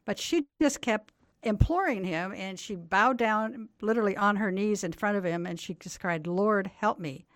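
A woman's voice: mid-range voice, moderate pace, no room sound. An older woman, a Bible teacher, explaining a scripture story earnestly as a guest on a talk program. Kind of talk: radio interview, storytelling.

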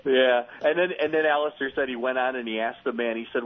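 A man telling stories in a relaxed radio conversation, lively and acting out quotes with a chuckle. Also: medium pitch, fast talker. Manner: animated storyteller, acts out quotes with laughs. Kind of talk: conversational radio chat, storytelling. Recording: phone-like radio broadcast audio.

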